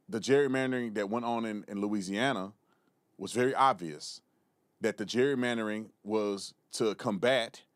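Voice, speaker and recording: A man's voice: mid-range voice, dry recording. A man hosting a live political commentary show, blunt and mocking in his remarks. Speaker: show host.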